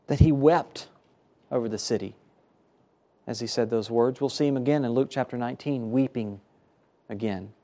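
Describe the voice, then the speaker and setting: A man's voice: medium pitch, darkish tone. A man preaching a sermon as pastor, earnest, his voice rising and falling for emphasis, at times repeating words.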